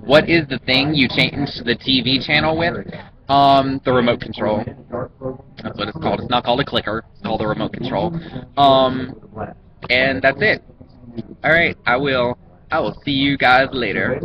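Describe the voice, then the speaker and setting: A man's voice: medium pitch, poor audio. A man with a Southern US accent, rambling casually through an accent-challenge vlog with many ums and restarts. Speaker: vlogger.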